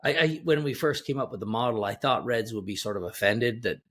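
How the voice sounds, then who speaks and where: A man's voice: medium pitch, fairly quick. Middle-aged man telling emphatic anecdotes. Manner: emphatic, animated anecdotes with many restarts. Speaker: executive coach, guest. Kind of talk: conversational storytelling.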